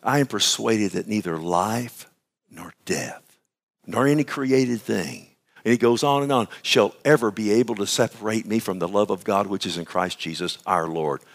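A man's voice: lowish voice, normal speed. A male pastor giving a radio sermon, fervent and emphatic, often turning to his listeners with "amen?" and "listen".

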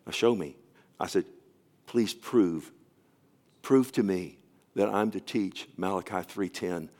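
Lower-voiced man preaching a sermon. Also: takes it slowly, darkish tone. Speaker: pastor.

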